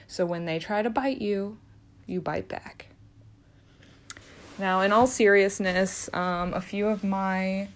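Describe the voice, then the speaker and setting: A young adult woman, a nurse, talking in a casual vlog with a sassy, teasing, direct manner. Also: medium pitch.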